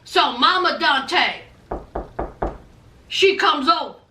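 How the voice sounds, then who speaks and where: Sassy woman recap host, high and bright voice, roomy echo. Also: animated, slow pace, a little hiss or hum. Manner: sassy, gossipy. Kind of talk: casual chat.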